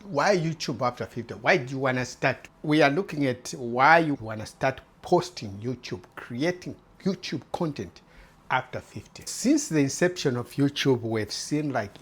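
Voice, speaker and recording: A man with a husky, slightly rough voice of middling pitch speaks earnestly to the camera as the host of his own channel. He repeats phrases as he urges older viewers on. He sounds like someone around fifty. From former British colony. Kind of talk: direct-to-camera talk.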